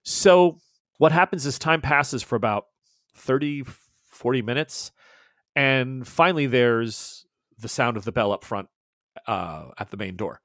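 A man's voice: medium pitch, expressive, unhurried, a bit bright, no room sound, studio quality. A man narrating a tabletop horror game as game master, describing scenes casually and with fillers.

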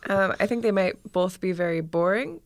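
Rambling woman podcast host, low voice. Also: moderate pace, dry recording, studio quality. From Ireland. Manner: rambling, many fillers and restarts. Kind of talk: casual chat.

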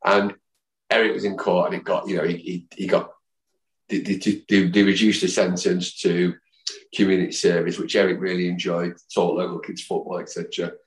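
Deep-voiced man telling rambling stories. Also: a little fast. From Manchester, England. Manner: rambling, lively, mimics others' voices in his stories. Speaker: podcast guest, football fan. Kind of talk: anecdotal storytelling. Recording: roomy echo.

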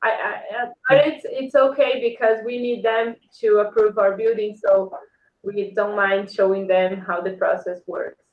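A woman from Brazil with a Brazilian Portuguese accent, speaking English as a second language in a casual interview, hesitant with many fillers and quick to laugh. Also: medium pitch, steady tone, echoey room, phone-quality sound. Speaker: guest.

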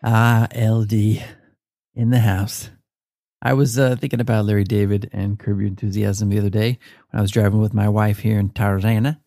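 A man's voice: lowish voice, flat delivery, normal speed, vocal fry, mellow, no echo, clean studio sound. A man hosting his own podcast, talking in a loose, chatty rant and swearing freely. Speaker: podcast host. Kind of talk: casual solo podcast rant.

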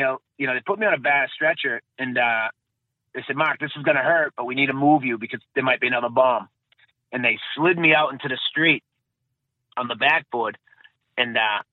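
A man's voice: mid-range voice, no echo. A man recounting his experience in a casual interview, rambling and correcting himself as he goes. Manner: rambling, self-correcting, repeats phrases. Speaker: guest, bombing survivor. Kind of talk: casual interview, personal account. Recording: dry tinny phone-like sound.

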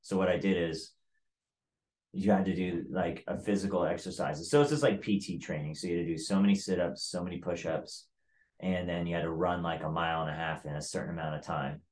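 Low-voiced blunt man telling a story. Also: fairly even intonation, fairly quick, a little mellow. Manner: profane, blunt, fillers of "like". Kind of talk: casual storytelling.

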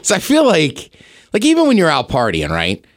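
A man co-hosting a podcast in casual chat, laughing often and dropping low when quoting people. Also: wildly swooping pitch, moderate pace, slight background noise. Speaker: podcast co-host.

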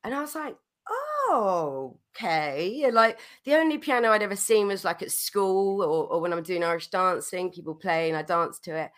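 A woman's voice: mid-range voice, fairly quick, hardly any pauses. A woman guest on a podcast telling a story, chatty and full of restarts and laughter, getting over a cold. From London, England. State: recovering from a cold. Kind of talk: casual storytelling.

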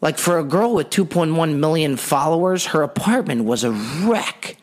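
A man hosting a podcast, telling a funny story in an animated, rambling, wry way. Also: fairly high pitch, moderate pace. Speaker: podcast host. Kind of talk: comedic storytelling monologue.

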